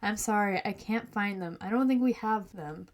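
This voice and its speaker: A woman's voice: mid-range voice, moderate pace, natural voice. A woman voicing a nervous, hesitant teenage boy in a storybook podcast.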